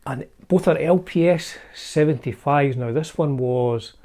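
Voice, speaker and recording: A man's voice: a little high, unhurried, mellow. A Scottish man hosting a casual show-and-tell vlog, chatty and wry, often hedging his facts as he talks. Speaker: channel host showing his guitar collection.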